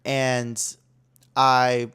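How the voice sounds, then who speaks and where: A man's voice: mid-range voice, monotone, drawn-out words, a bit bright, clean tone. A young man hosting his own podcast, telling a story in a casual, dramatic way full of "like" fillers. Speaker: podcast host.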